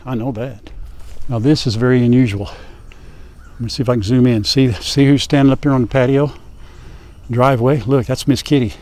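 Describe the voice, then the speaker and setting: A man's voice: mid-range voice, steady tone, fairly quick, pauses often, mellow. Folksy older man on a farm. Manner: folksy, chatty, wry. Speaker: farm vlog host. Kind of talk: casual vlog to camera. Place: outdoors on a farm. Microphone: lapel.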